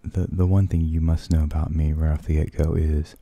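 A man rambling in soft-spoken ASMR, half-whispering and hesitating as he searches for words. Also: a bass voice, flat delivery, a little fast, creaky, no room sound. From United States. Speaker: ASMR channel host.

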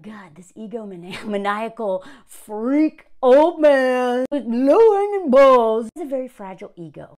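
A woman giving sarcastic reaction commentary on a story she reads aloud. She gets worked up as she talks. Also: sits high. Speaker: video commentator.

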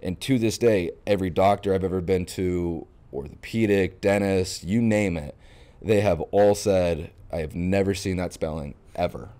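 A man's voice: sits low, normal speed. A young man from Florida, a podcast guest, telling stories in a casual interview and acting out the lines he quotes. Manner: animated storyteller, acts out quoted lines. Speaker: podcast guest, baseball catcher.

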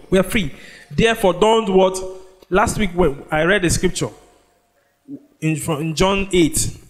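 A man preaching a sermon, leading the congregation in call-and-response and drawing out scripture phrases slowly. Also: on the high side. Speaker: pastor. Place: church.

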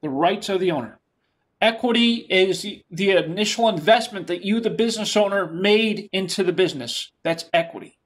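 A lecturer with a New York accent teaches in a classroom. The voice is mid-pitched and the delivery is plain and explanatory. Key terms are said again and again. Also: normal speed.

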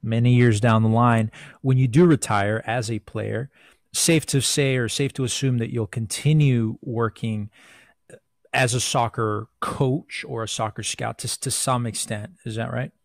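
Enthusiastic male host, gravelly voice, casual buddy-style questions. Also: mid-range voice, steady tone, measured pace, no echo, studio quality. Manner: enthusiastic, friendly, says "man" and "dude". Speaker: podcast host. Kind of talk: casual interview chat.

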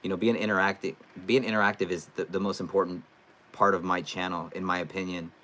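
Young guy from california doing a fan live stream, kinda low voice, chats loose then gets hyped. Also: fast. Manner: loose and chatty, with bursts of loud excitement. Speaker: live streamer, sports fan channel host. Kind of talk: casual live stream chat, reading comments.

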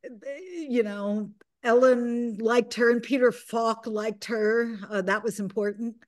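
An older woman with a slightly high voice recalls her film work in an unhurried, reflective way. She wanders through her answers, pausing on fillers and restarting sentences as she gathers her thoughts. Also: level tone. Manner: meandering, with many fillers and restarts. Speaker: film director, guest.

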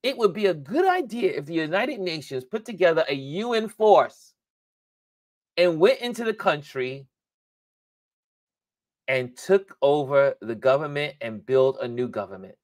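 A man's voice: a little high, animated, measured pace, pauses often, no echo, studio quality. A man hosting a casual livestream, rambling and thinking aloud with frequent laughter. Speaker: livestream host.

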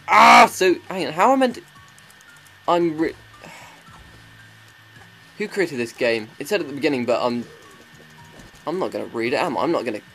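A man giving crude, sarcastic commentary while playing a video game. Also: medium pitch. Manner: crude, sweary, sarcastic ranting. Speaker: let's play commentator.

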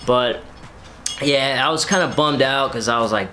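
A man in his thirties telling a personal story in a rambling, casual way, full of fillers and relaxed slang. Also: mid-range voice, normal speed, a little hiss or hum. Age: 30s. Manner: rambling, filler-heavy, laid-back slang. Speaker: reptile keeper and vlogger.

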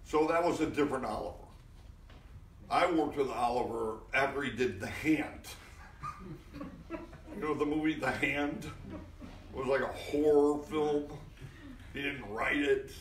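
A man's voice: mid-range voice, measured pace, long pauses, slight background noise. A man, a guest actor, telling anecdotes at a live interview event. He talks loosely, with frequent restarts and swearing, and acts out the people he quotes. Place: live event in front of an audience. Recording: echoey room, mic at a distance.

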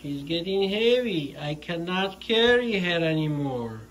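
A man talking to his small daughter at home in a home vlog, patient and gently coaxing, in simple broken English. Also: high-pitched, very animated, a little slow, a little hiss or hum. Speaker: father filming his young daughter. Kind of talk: casual home vlog talk to a child.

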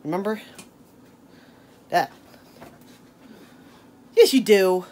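A woman's voice: medium pitch, lively intonation, extremely slow, darkish tone. A woman, chatting in a casual, rambling vlog, full of laughing asides and "hashtag" quips. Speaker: daily vlogger.

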